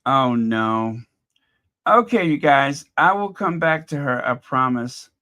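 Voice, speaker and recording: A man's voice: mid-range voice, expressive, slow, bright, forceful tone. A man hosting a casual live commentary stream, chatty and exasperated, thinking aloud as he talks to his viewers. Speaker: livestream commentary host.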